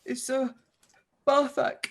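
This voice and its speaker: A woman's voice: high voice, flat delivery, slow, a bit bright, pitched above the performer's own voice, full character voice. A woman voicing a timid male goblin captive, stammering and rambling as he pleads. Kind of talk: tabletop role-play voicing.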